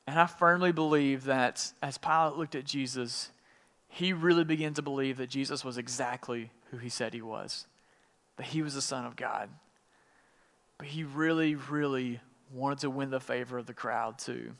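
A man preaching a sermon, retelling scripture in casual everyday words and acting out the quotes with lively changes of voice. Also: medium pitch, normal speed. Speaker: pastor. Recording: long hall reverb.

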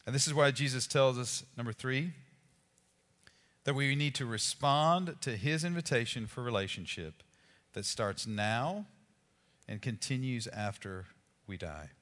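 A man preaching a sermon as pastor, in a conversational, animated way with casual asides to the congregation. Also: mid-range voice, unhurried, long reverb tail.

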